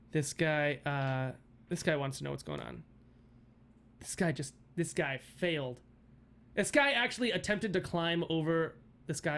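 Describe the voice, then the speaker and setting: A man's voice: a little high, fairly bright tone, smooth. A man narrating as game master of a tabletop game, laughing often and rambling through fillers.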